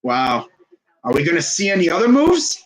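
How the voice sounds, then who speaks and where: A young man casually commenting on a live sports stream, excitable and rambling. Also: fairly high pitch, moderate pace, rough recording. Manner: excitable, rambling, laughs often.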